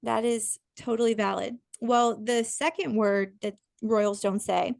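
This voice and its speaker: A woman's voice: on the high side, unhurried, creaky, no echo. A woman co-hosting a podcast in casual chat, talking in a chatty way that often breaks off and restarts, with lots of fillers. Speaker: podcast co-host. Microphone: podcast microphone.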